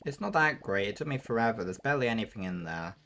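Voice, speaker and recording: A man's voice: on the low side, expressive, fast, bright, forceful tone, a little hiss or hum. A man doing a flustered young bear.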